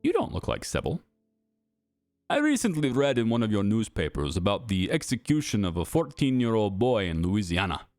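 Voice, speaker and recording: A man voicing a cold, menacing German official with a put-on German accent, speaking slowly and smugly. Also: medium pitch, a little mellow, no room sound, lightly acted. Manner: slow, drawn-out, smugly threatening.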